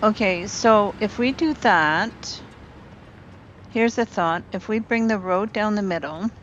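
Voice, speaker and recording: A woman chats easily through a home gameplay stream, musing aloud over her next move and answering viewers as she goes. Her voice sits at an ordinary middle pitch. The sound is a little dull, with a faint hum of noise behind her. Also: takes it slowly, a bit bright. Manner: chatty, thinks aloud while building. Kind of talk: casual gameplay chat with viewers. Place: home apartment.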